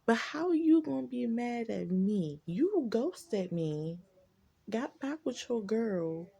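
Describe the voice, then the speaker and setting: A woman telling a casual storytime vlog to her viewers, profane and animated, talking to them as y'all. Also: fairly high pitch, slow pace, creaky, husky.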